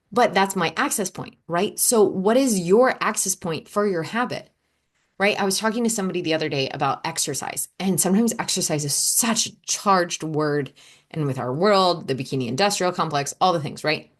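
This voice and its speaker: A woman's voice: on the low side, normal speed. Candid, encouraging woman podcast host. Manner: candid, encouraging, swearing, lively swings in tone. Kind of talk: casual solo podcast talk.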